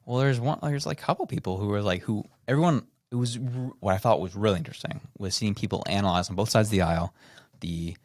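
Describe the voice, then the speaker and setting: A Canadian man co-hosting a podcast, talking politics in a lively, casual way and mimicking other people's voices. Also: lowish voice, quick pace, no echo, clean studio sound. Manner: animated, mocks voices of others. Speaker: podcast co-host. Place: studio.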